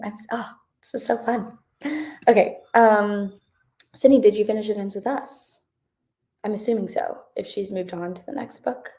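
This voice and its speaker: On her live reading stream, a woman in her twenties chats casually, reading comments aloud and answering them in a bubbly, rambling manner with plenty of fillers. Her mid-range voice has a mellow quality.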